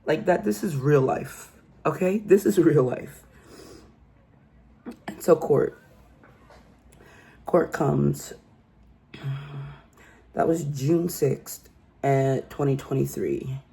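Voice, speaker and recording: A woman's voice: low voice, slow pace, gravelly, pauses often, warm tone. A woman giving a casual true crime commentary, telling the story emphatically and incredulously and often asking "okay?".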